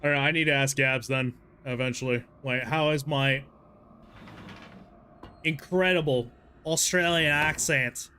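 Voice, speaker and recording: A man live-streaming a horror game, chatting in a rambling, self-deprecating way and breaking into yelling and swearing at the game. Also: medium pitch, fairly even intonation, unhurried, pauses often, a little hiss or hum. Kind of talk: casual live gameplay commentary.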